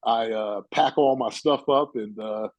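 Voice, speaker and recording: A man's voice: on the low side, moderate pace, no echo, dull audio. A man in his sixties from New York, a guest telling rambling stories full of "you know" and "uh". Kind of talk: casual storytelling chat.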